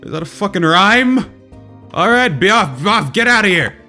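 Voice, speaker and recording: A man's voice: high-pitched, expressive, brisk, bright, forceful tone, soft background music, voice pushed up. A man voicing a pushy, cocky man with a badly faked British accent, full of slang.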